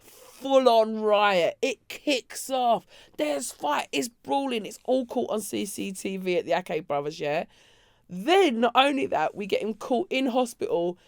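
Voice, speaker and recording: A woman, co-hosting a podcast and telling a story with lively acted-out quotes and frequent laughter. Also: fairly high pitch, measured pace, dry recording, studio quality. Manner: animated storytelling, acts out quotes, laughs often. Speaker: podcast co-host. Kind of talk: casual chat.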